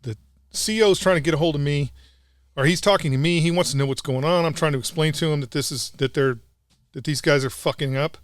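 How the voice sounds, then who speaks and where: A man's voice: fairly high pitch, fairly quick, no echo, clean studio sound. A middle-aged man, a combat veteran guest, telling a war story in blunt, profane casual talk.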